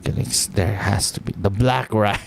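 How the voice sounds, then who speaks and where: A man's voice: on the low side, unhurried, vocal fry, slight background noise. A man streaming live, chatting casually and thinking aloud, swearing freely and filling his talk with "like".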